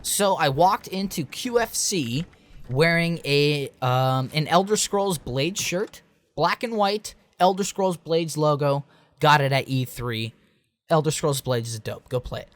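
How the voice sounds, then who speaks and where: A man's voice: a little high, measured pace. Rambling young man ranting about games. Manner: rambling, filler-heavy, restarts. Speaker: game reviewer. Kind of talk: rambling late-night vlog rant.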